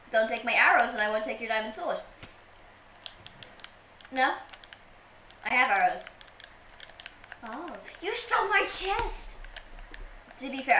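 A woman's voice: mid-range voice, fairly bright tone. A young woman streaming a game, chatting casually with a playful, teasing manner and frequent laughter. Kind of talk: casual gaming livestream chat. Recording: roomy room sound with faint noise.

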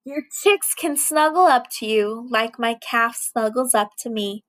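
A woman voicing a gentle, motherly farmyard cow in a lower, soft, soothing tone. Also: measured pace, poor audio.

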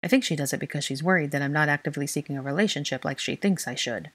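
A woman's voice: deep voice, very fast, fairly bright tone, no room sound. A woman voicing a composed, lightly teasing young man in a fan fiction reading. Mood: calm.

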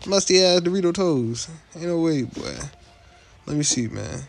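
A young man with a somewhat high, very lively voice that swings up and down, riffing bluntly in loose slang as he rates viewers' avatars. His delivery is jokey and unfiltered, packed with casual tags. Faint music plays underneath. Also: moderate pace, creaky. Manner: slangy, joking and blunt, with many filler tags. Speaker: YouTuber rating viewers' avatars. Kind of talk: casual reaction commentary.

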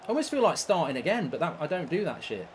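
Animated, sweary man ranting through a game. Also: a little high, fast, slight background noise. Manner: reads and answers viewer chat. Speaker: gaming streamer. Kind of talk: live game commentary.

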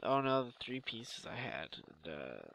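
A young man giving loud, exasperated Let's Play commentary with swearing outbursts. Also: mid-range voice, big pitch swings, unhurried, creaky. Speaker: gaming YouTuber.

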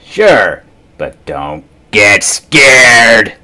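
A man voicing a sassy female monster with a raspy voice and a snappish, loud delivery. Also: fairly low pitch, big pitch swings, drawn-out words, exaggerated voice.

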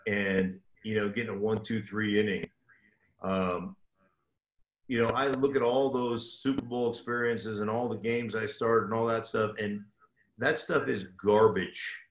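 A man's voice: on the low side, fairly even intonation, a little slow. An older man, a former pro football player, telling a rambling, self-deprecating story as a guest. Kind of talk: casual storytelling. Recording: roomy echo.

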